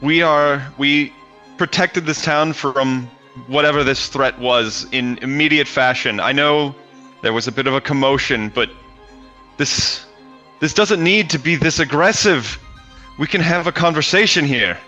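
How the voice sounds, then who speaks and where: A man voicing an earnest paladin who explains himself haltingly, with many restarts, in a tabletop game. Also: fairly high pitch, sharp tone, faint music behind. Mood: pleading. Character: earnest male paladin, town protector.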